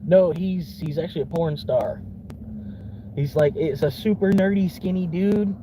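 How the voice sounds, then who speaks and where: A man's voice: on the high side, unhurried. A man from Florida, a vlogger rambling casually from his car, laid-back, chuckling often and swearing easily. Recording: car interior with vehicle noise.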